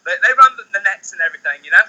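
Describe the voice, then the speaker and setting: A man attempting a fake English accent, halting and hesitant. His voice sits high and sounds very bright. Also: expressive, dull audio, heavily acted. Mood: playful.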